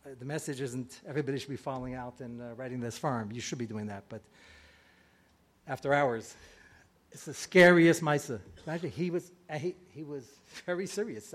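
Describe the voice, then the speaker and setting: A man's voice: medium pitch, normal speed. A man giving a storytelling sermon to a live audience as a rabbi, acting out the voices he quotes.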